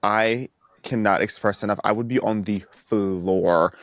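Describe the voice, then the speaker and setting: A man appearing as a podcast guest, talking in expressive, mocking casual political chat. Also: lowish voice, measured pace, no echo.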